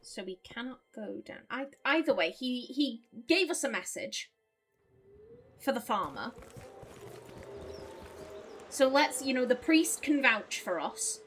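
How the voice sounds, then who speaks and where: A woman's voice: fairly high pitch, sing-song, slow pace, long pauses, fairly bright tone, soft background music. A woman hosting a game let's play, joking and chatty, swearing casually.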